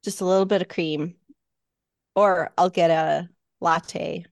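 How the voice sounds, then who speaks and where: A woman guest in casual chat, telling relaxed stories with light laughs. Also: fairly low pitch, takes it slowly, vocal fry, dry recording.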